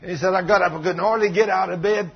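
Animated preacher man. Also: high-pitched, fast, vocal fry, slightly rough. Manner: animated, acts out quotes with big swings in loudness. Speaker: pastor. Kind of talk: sermon storytelling. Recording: dull lo-fi broadcast audio.

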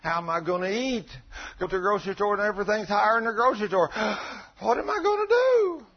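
A fretful worrier wailing in a high, husky voice about what he'll do, panicked and whiny all the way through, as a preacher puts him on. the sound is dull and lo-fi. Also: animated, a little fast. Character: fretful man panicking over rising prices. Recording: dull lo-fi recording.

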